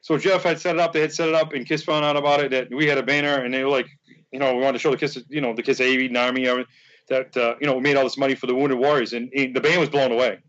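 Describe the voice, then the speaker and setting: A man's voice: mid-range voice, very fast, dull audio. A man telling a long story in casual conversation, rambling and acting out what people said. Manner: rambling, animated, acts out quoted dialogue. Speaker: podcast guest, fan charity organizer.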